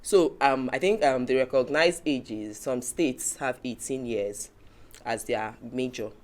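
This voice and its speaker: A woman's voice: very deep voice, unhurried. A woman hosting a casual talk show, explaining points from her notes. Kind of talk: casual panel chat.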